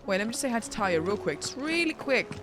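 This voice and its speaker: A woman's voice: a little high, very animated, fast. Playful, chatty woman streamer. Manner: chatty, playful, talks to chat. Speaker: gaming streamer. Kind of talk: let's play commentary. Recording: voice over game music. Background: game music.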